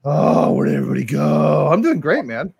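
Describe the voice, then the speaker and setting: A man co-hosting a live stream, chatty and excitable, calling out viewers' comments. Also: fairly high pitch, brisk, creaky, husky, no echo. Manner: excitable, chatty, says "dude" and "man" a lot. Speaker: co-host reading live comments. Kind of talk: casual live-stream chat.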